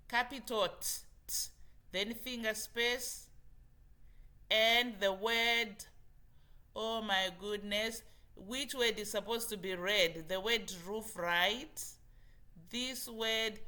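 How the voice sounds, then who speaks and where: A woman's voice: mid-range voice, pushed and bright. A woman teaching an online phonics lesson to children, patient and encouraging, spelling words out letter by letter. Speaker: English teacher.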